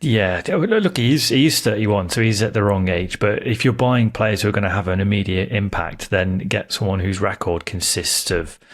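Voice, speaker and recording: A man in easy football podcast chat, with a low voice. He talks eagerly and in bursts, often stopping to restart a thought. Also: normal speed, hardly any pauses. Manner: chatty, enthusiastic, with many fillers and restarts. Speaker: podcast co-host.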